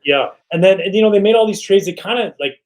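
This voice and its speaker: A middle-aged man, a retired pitcher guesting on a podcast, telling stories in a casual way and acting out teammates' lines. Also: fast talker, poor audio. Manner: animated, quotes teammates in voices. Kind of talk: casual storytelling.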